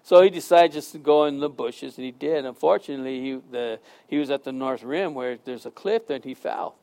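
A man's voice: medium pitch, brisk, gravelly, clear, resonant tone. A man preaching a sermon, telling jokes and stories and asking the congregation questions. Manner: lively storytelling, jokes, asks the congregation questions. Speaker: pastor.

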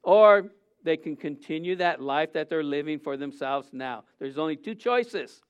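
A man with a high, smooth, resonant voice preaches an informal sermon. He keeps asking rhetorical questions and stumbles through fillers and restarts, and the recording sounds a little dull and muffled. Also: lively intonation, measured pace.

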